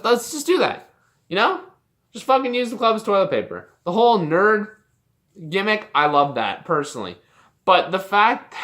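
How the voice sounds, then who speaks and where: A young adult vlogger from Canada rants in a loose, unscripted way, swearing freely and sounding exasperated. The voice is bright and forward, at a middling pitch. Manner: heated, profane, exasperated ranting. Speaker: wrestling commentary vlogger. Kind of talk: casual opinion rant.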